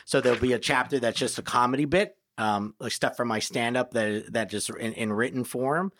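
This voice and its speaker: A man's voice: mid-range voice, normal speed, slight background noise. A comedian and author, a man, telling stories as a guest in a casual podcast conversation. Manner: storytelling, animated, quotes people in put-on voices.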